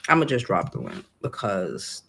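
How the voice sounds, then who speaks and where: A woman's voice: fairly low pitch, unhurried, a little hiss or hum. A woman hosting a casual livestream, talking emotionally and emphatically, swearing freely and repeating hopeful affirmations over and over. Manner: emotional and heartfelt. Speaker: livestream host.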